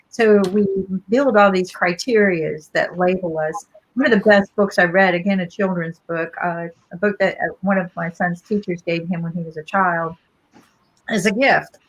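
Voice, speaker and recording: A woman's voice: on the low side, muffled recording. A middle-aged woman co-hosting a podcast, telling stories in a reflective, conversational way and often checking in with listeners. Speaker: podcast co-host. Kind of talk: casual podcast talk.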